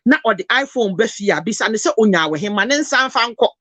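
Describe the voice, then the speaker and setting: A woman's voice: mid-range voice, expressive, quick pace, a bit bright, dry recording. A Ghanaian woman talking passionately, mixing Twi and English in an emotional, preachy lecture. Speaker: host.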